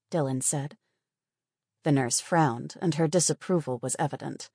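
A woman narrating an audiobook in a measured, even storytelling manner. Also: low-pitched, breathy edge, dry recording, clean studio sound. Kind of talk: scripted narration.

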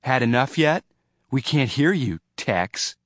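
A man's voice: mid-range voice, animated, slow, no echo, pitched above the performer's own voice. A man voicing a mean teenage boy bully in a storybook reading, with a jeering manner. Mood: taunting. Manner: taunting, jeering.

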